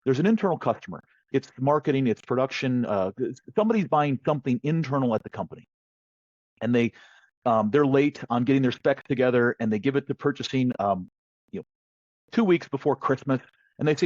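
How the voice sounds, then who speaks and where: A man speaking as a guest in a podcast interview about negotiation, telling stories in a lively, conversational way. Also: mid-range voice, brisk, no echo. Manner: lively storyteller who acts out quoted voices. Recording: dull, slightly lo-fi dry sound.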